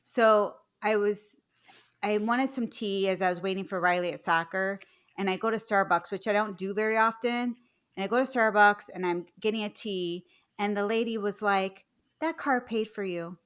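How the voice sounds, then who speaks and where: A woman's voice: mid-range voice, moderate pace, a bit bright, smooth. A woman co-hosting a podcast, chatting upbeat and curious, asking playful questions. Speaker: podcast co-host. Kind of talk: casual chat.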